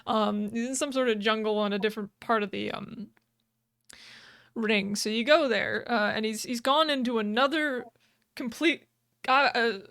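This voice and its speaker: A young woman with a slightly high, bright voice recaps a story at an unhurried pace. She rambles, giggles and restarts her sentences, and the sound is close and dry. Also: gravelly, dry recording. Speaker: podcast co-host. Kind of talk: casual chat, retelling a game's plot. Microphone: podcast microphone.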